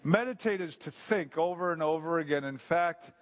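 A man's voice: on the high side, normal speed. A man giving an informal sermon to a group, conversational and story-driven, with frequent restarts and asides. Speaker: pastor or Bible teacher.

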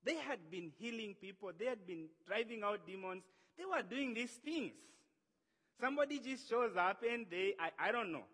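Animated preacher man in an echoing hall. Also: sits high, moderate pace, husky. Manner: conversational, animated, acts out quoted voices. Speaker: pastor. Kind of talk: sermon. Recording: long hall reverb.

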